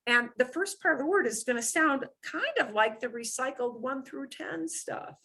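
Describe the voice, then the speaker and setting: A woman's voice: high voice, lively intonation, moderate pace, sharp tone, breathy edge. A woman teaching a beginner Spanish class, explaining patiently and often checking in with "okay?".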